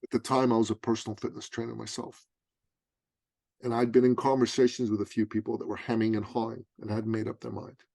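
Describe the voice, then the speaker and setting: A man's voice: fairly low pitch, quick pace, creaky, no room sound. A man, a business coach and author, telling a story in an interview and acting out the dialogue. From Canada. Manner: animated storyteller, acts out dialogue.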